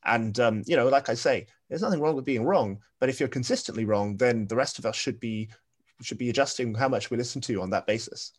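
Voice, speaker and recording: A British man with a soft voice, speaking as a guest on a podcast panel and thinking aloud with many pauses and restarts. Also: mid-range voice. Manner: thoughtful, many ums and restarts. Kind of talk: casual panel discussion.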